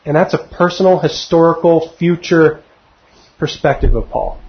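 A man's voice: fairly high pitch, normal speed. Man teaching scripture, muffled recording. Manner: conversational, asks the listeners questions, laughs often. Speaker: Bible teacher. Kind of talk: verse-by-verse Bible teaching. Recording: dull lo-fi recording.

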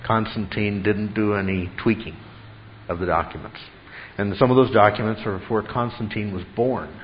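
A man's voice: lowish voice, steady tone, moderate pace, highs cut off, a little hiss or hum. A man teaching a Bible class in a classroom, emphatic and full of rhetorical questions to his students.

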